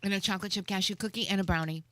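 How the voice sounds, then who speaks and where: A woman's voice: medium pitch, racing, slight background noise. A woman hosting a live radio show from the studio, chatting casually and wrapping up the show. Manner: relaxed, chatty, wraps up the show.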